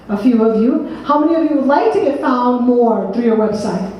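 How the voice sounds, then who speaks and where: Woman, New Jersey accent, high mellow voice, seminar presenter, echoey room heard from afar. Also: moderate pace, few pauses, distant mic, a little hiss or hum. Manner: quizzes the audience, calls on people by name. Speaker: workshop presenter. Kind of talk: interactive seminar talk. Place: meeting room with an audience.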